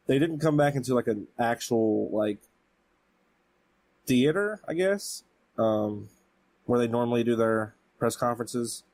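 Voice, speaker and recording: A man with a fairly low voice talks easily as a podcast co-host. He recaps events at length and leans on fillers like "like" and "um". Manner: relaxed storyteller, recaps with many fillers. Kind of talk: casual chat.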